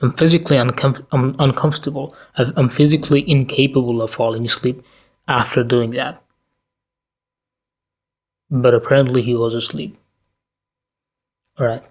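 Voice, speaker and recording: A man's voice: medium pitch, steady tone, normal speed, long pauses. Tired male vlogger, mid-range voice, blunt profane rant driven by rhetorical questions. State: tired, sleepy. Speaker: commentary vlogger. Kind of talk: ranting commentary to camera.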